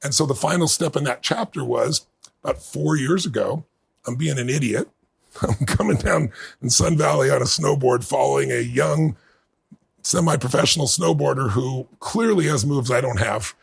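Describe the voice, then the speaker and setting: A man's voice: mid-range voice, normal speed, vocal fry, breathy edge. A man in his fifties, a podcast guest telling a story in casual conversation and acting out the people he quotes. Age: 50s.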